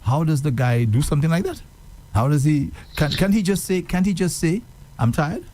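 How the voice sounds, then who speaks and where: A man's voice: a little high, fairly quick, warm tone. A man hosting a call-in radio show who asks callers probing questions and chuckles along. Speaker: radio host.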